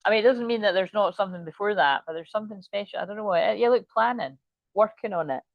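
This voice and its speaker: A woman's voice: mid-range voice, fast talker, no echo, dull audio. A woman doing a casual, rambling tarot reading and swearing now and then. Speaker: tarot reader.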